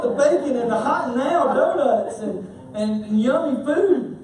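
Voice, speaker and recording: A man preaching a sermon as a pastor, telling stories with animated humor. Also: very high-pitched, a little slow. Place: church sanctuary. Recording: echoey church hall from far off.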